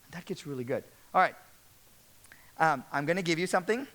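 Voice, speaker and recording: A man giving an energetic motivational business talk to a live audience, often repeating words and asking the crowd questions. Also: fairly high pitch, brisk. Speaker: speaker addressing real estate managers.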